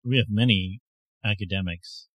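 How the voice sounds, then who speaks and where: Man, podcast co-host, casual chat, sarcastic jokes, lowish voice, dry recording. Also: moderate pace, fairly bright tone, husky, dry recording. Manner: joking, sarcastic asides.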